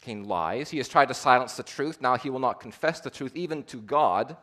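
A male preacher delivering a sermon with strong swings in volume and intensity. He builds to loud, impassioned climaxes, then drops to near-hushed endings, and sometimes slows right down to stress a point. His voice sits at an ordinary middle pitch for a man. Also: lively intonation. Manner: dynamic delivery, swings between loud emphatic peaks and low hushed endings; slows to a deliberate, repeated emphasis.

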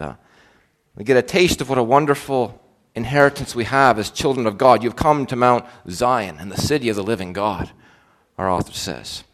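A male pastor preaching a sermon in an earnest, questioning way, with frequent fillers and restarts. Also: medium pitch.

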